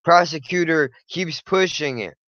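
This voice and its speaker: Young male host, fairly high-pitched and forceful, blunt and profane storyteller, dull lo-fi sound. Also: measured pace, no echo. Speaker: channel host. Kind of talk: blunt personal storytelling monologue.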